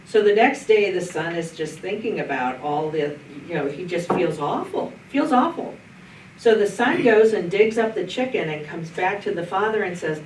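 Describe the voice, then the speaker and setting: A middle-aged female pastor with a lowish voice tells anecdotes at a moderate pace while leading a group Bible study discussion, her folksy storytelling often restarting. The church meeting room recording is roomy, with a distant mic and faint noise.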